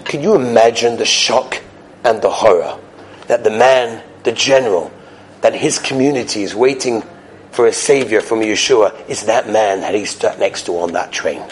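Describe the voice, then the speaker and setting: A man giving a weekly Torah lecture, an animated storyteller who acts out the dialogue and swings between loud exclamations and soft asides. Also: fairly low pitch, normal speed, a little hiss or hum, low-quality recording. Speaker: Torah teacher.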